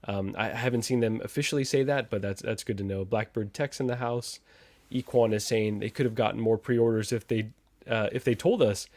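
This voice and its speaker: A man's voice: fairly low pitch, steady tone, brisk, a little mellow, no echo. A man hosting a casual livestream chat, reading out viewer comments and trading sarcastic jabs with a laugh. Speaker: podcast host reading live chat.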